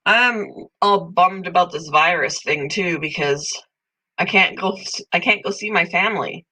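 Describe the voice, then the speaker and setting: A congested middle-aged woman chats casually with her viewers on a live stream. Her voice is bright and forward even through the stuffiness, and she talks in an easygoing, friendly ramble. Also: fairly low pitch, measured pace, low-quality recording. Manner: chatty, talks to viewers by name, coos softly over pets. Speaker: channel host.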